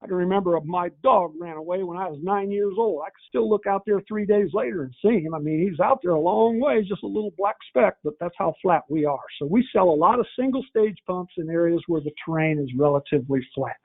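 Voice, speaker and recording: A man's voice: sits high, lively intonation, fairly quick, few pauses. A man giving a folksy training talk, telling stories and acting out conversations. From northern Indiana, USA. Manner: folksy storyteller, acts out dialogue. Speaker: pump company trainer. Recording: tinny phone-like audio.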